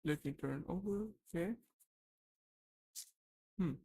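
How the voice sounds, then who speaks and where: A young man on a live study stream, thinking aloud and slowly sounding out syllables, pausing to check himself. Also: on the high side, mellow. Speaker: language learner streaming study session.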